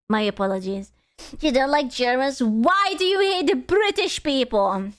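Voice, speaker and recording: A woman's voice: high voice, lively intonation, unhurried, a bit bright. A young woman streamer in casual chat, blunt and profane as she rants to her viewers.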